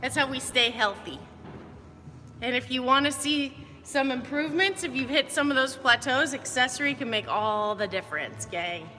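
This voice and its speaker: A woman's voice: high-pitched, animated, moderate pace, bright, forceful tone, long reverb tail, faint music behind. A woman fitness coach giving upbeat, chatty movement cues during a live workout.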